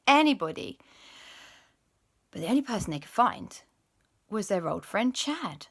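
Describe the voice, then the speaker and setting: A woman telling a children's story as host, animated and dropping into spooky whispers. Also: fairly low pitch, normal speed.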